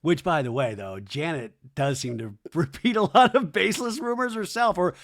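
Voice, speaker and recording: A man's voice: a little high, moderate pace, a bit bright. Chatty man hosting a TV recap. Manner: chatty, gossipy, acts out the quoted lines. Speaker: podcast host. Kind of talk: comedic TV recap podcast.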